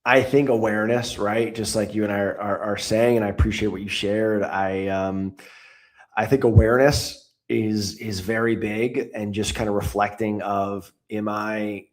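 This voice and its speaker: A man speaking as a guest in a casual interview, answering in a reflective, thoughtful way. He often restarts as he works through an idea. His voice sits slightly low. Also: little pitch movement, normal speed.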